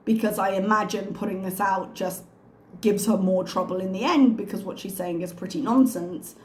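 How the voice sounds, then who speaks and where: A woman's voice: medium pitch, steady tone, moderate pace, a little mellow, slight background noise. A woman hosting a reaction video, giving sarcastic, critical commentary on a clip. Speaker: reaction channel host. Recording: echoey room.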